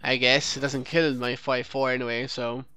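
At normal speed, a man with a mid-range voice, level tone, and pushed, bright quality gives gameplay commentary. He narrates his card game run as a let's play host, voicing his thoughts, correcting himself, and picking apart the opponent's moves.

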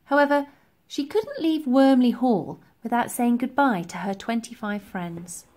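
A woman reading a children's storybook aloud, telling it in an expressive, lively way. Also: fairly high pitch. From England. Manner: lively, expressive storytelling with slow deliberate pacing. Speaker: reader.

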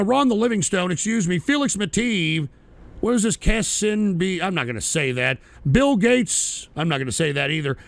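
A man's voice: high voice, vocal fry, a bit bright, no echo. A man hosting a live talk stream who reads out chat names in a profane, sarcastic ramble. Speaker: streaming talk show host.

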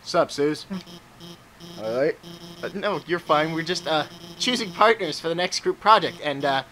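A man's voice: a little high, moderate pace, pushed and bright, a little hiss or hum. A man giving casual let's-play commentary, joking, swearing and talking to the game's characters. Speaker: let's player. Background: game music.

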